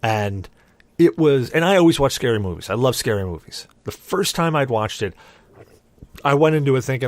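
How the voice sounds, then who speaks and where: A man's voice: medium pitch, moderate pace, no room sound. Man telling a story in a dry booth. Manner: animated, rambling, frequent restarts. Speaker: podcast host. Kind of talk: casual storytelling.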